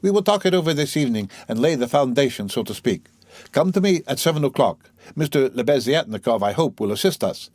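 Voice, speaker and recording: A man doing a pompous, calculating gentleman. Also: medium pitch, very animated, fairly quick, no room sound. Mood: measured.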